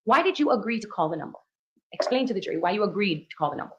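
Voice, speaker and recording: A woman attorney examining a witness at a rapid clip. Her questions are brisk and leading, and she keeps punctuating them with "okay" and "all right". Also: mid-range voice, sing-song, lo-fi sound, noisy background. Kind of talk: courtroom direct examination. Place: courtroom.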